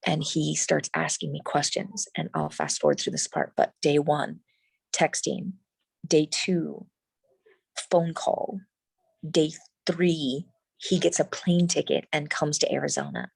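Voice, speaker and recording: A middle-aged woman, a guest in an interview, telling a personal story in an animated, emphatic way with frequent restarts. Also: low-pitched, a little slow, creaky, husky, no room sound, rough recording.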